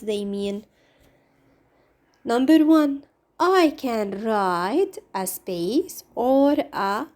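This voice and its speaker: A woman's voice: on the high side, darkish tone. A woman teaching an English grammar lesson, walking through exercises step by step with patient questions.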